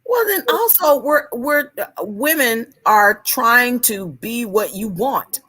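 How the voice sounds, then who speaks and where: A woman's voice: on the high side, expressive, slow, bright, forceful tone, husky. A woman co-hosting a casual podcast discussion, hesitant and restarting her sentences. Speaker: podcast co-host.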